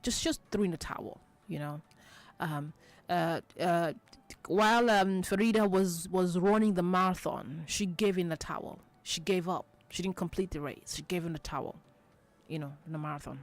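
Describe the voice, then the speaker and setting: A woman hosting a children's radio show, patiently explaining idioms, repeating each point and checking that listeners understand. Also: on the low side. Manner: acts out example quotes in lively voices.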